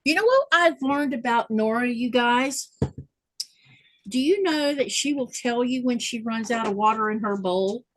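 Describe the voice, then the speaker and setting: Woman, higher voice, casual chat, livestream host. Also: expressive, unhurried, fairly bright tone, poor audio. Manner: chatty, reads viewer comments aloud. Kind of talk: casual chat while sewing.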